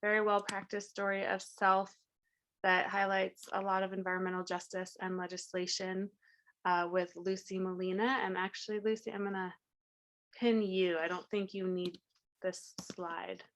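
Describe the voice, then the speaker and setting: A woman runs an online workshop, speaking casually with "um" and "like." Her delivery stays on an even, flat pitch as she moves the session along. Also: normal speed. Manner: casual, friendly, with fillers. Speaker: workshop facilitator.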